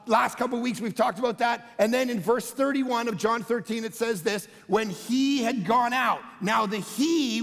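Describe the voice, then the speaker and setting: A man, a pastor, preaching a conversational sermon that swings between loud emphatic bursts and quiet low asides. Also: creaky. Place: church auditorium. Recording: long hall reverb.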